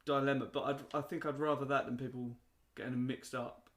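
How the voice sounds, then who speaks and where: Deadpan male podcast host. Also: mid-range voice, fairly quick. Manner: dry, deadpan, hesitant with ums. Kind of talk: casual chat.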